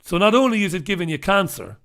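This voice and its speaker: A man hosts a live solo news review with an impassioned, emphatic delivery, hammering his points home by repeating them. He speaks bluntly and swears when angry. His voice sits a little higher than most men's. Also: very animated, fast talker, fairly bright tone. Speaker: show host reviewing newspapers.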